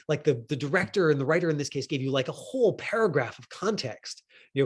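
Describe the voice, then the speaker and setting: A man working as an acting coach, giving a casual and rambling critique of a student's self-tape, full of fillers and restarts. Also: mid-range voice.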